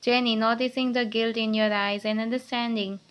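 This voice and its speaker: A woman narrating a second-person fanfiction story in a plain, even reading voice with small hesitations. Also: a little high, moderate pace, clear, resonant tone.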